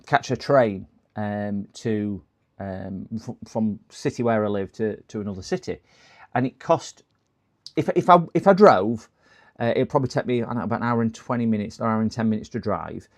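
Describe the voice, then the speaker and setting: Chatty man with a lowish voice. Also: normal speed. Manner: rambling, chatty, given to exasperated rants. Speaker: livestream host. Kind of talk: casual live stream chat.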